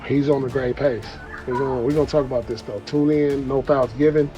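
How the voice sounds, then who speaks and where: A man's voice: medium pitch, steady tone, fairly quick, hardly any pauses, mellow, faint music behind. Slangy man talking basketball. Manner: slangy, conversational. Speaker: sports commentator. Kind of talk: casual video commentary. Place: outdoors at a grill.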